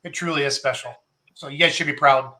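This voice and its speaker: A podcast host from Iowa who was raised in Wisconsin, and has the accent to show it, leads a casual chat in a jokey, upbeat way and laughs often. His fairly high voice is a little fast, pushed, and bright.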